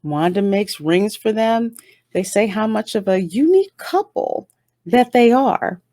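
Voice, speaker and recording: A woman giving a casual, stream-of-consciousness review of a TV episode, chatty and animated, with sudden jumps up in pitch. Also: a little slow. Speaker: YouTube reviewer.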